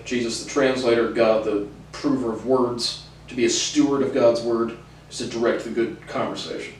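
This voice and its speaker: A man's voice: medium pitch, slight background noise. Man, casual rambling talk, lots of fillers, chuckling, far from mic, very echoey room. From United States. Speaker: lecture series host.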